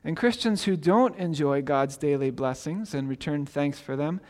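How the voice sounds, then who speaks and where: Preaching at a normal speed, this pastor has a high male voice and a relaxed, conversational manner. He fumbles his first words and keeps tossing in "right?" to check on listeners, all under a long, lingering reverb.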